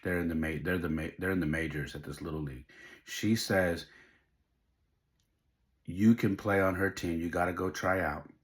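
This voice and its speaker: A man's voice: sits low, fairly even intonation, normal speed, long pauses. A middle-aged man hosting a podcast, telling a personal story in an emotional, heartfelt way. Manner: emotional, heartfelt, faith-driven. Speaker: podcast host.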